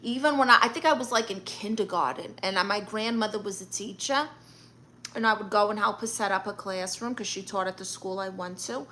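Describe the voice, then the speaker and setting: A woman with a mid-range, sharp voice close to everyday speech talks fairly quickly, with a little hiss or hum. As a livestream host, she plays a brash, boastful, middle-aged Brooklyn aunt posing as a therapist, sassily reading chat comments with blunt attitude and a Brooklyn accent.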